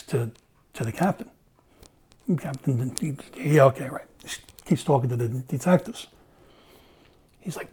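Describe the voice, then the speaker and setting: A man's voice: medium pitch, normal speed, long pauses, darkish tone, slightly rough. A middle-aged man, a former police officer, telling a story in casual conversation, acting out the dialogue and swearing freely.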